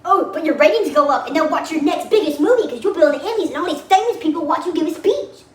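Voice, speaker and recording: A man mockingly voicing a smooth-talking Hollywood type who pushes fame and ratings, high and fast, in an echoey room. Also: lively intonation. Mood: wheedling. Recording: roomy echo, distant mic.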